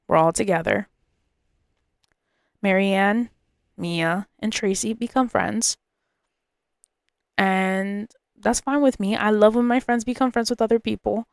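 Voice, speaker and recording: Woman podcaster venting about a friend, emotional and confiding, smooth tone, dry close mic. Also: mid-range voice, steady tone, takes it slowly, pauses often, dry recording. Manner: emotional, confiding, repeats herself. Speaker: podcast host. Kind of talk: personal storytelling monologue.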